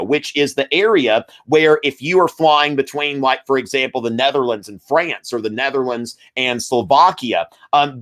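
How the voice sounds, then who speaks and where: Chatty man teaching live. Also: on the high side. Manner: conversational, many fillers, reads out viewer shoutouts. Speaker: history teacher hosting a live review. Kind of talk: live-stream exam review lecture.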